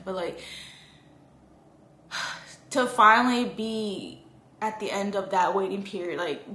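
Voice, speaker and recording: A woman's voice: mid-range voice, fairly bright tone, roomy sound. A young woman vlogger talking casually at home, rambling and full of "like". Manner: chatty, fills speech with "like", rambling and heartfelt. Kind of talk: casual chat.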